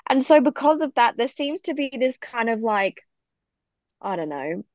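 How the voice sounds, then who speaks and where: A woman's voice: on the high side, big pitch swings, moderate pace, darkish tone, no room sound. A British woman from the UK chatting as an enthusiastic interview guest, with lots of fillers and laughter. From United Kingdom. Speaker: podcast guest, business owner. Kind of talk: casual interview chat. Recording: dull, dry recording.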